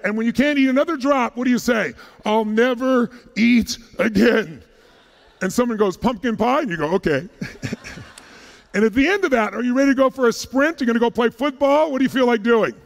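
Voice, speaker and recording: Brief: male motivational speaker, pitched high, punchy crowd work, joking, booming hall reverb. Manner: punchy, fires rapid questions at the crowd; casual, jokey, a little profane. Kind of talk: energetic stage talk to a live audience. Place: large conference hall.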